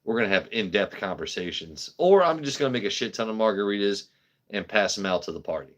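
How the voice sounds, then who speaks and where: A man's voice: fairly low pitch, lively intonation, quick pace. A man hosting a livestream in casual, rambling chat, swearing freely as he talks. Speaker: livestream host.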